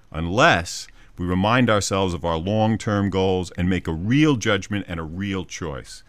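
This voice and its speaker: A man with a low voice, a psychologist and radio host, presents short scripted commentary with no room sound. His storytelling is vivid as he describes an ordinary scene and performs the little quoted voices within it.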